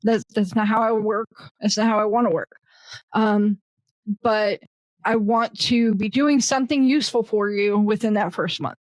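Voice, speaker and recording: A woman's voice: medium pitch, fairly even intonation, normal speed, no echo, low-quality recording. A woman guest in an interview, talking bluntly and casually, with lots of restarts and fillers and frequent laughter. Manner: blunt, self-deprecating, laughs often. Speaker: guest, virtual assistant.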